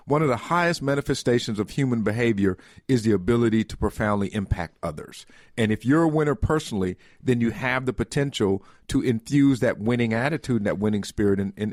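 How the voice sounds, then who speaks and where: Male co-host, mid-pitched, thoughtful storyteller, dry studio sound. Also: no room sound. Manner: affirming, storytelling, reflective. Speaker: radio show co-host. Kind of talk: casual radio talk.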